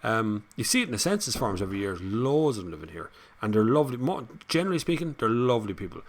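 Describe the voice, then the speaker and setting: A man's voice: on the low side, big pitch swings, fast. An Irish man hosting a casual live chat, reading out viewer comments and rambling on between them with frequent laughs. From Ireland. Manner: chatty, rambling, laughs often.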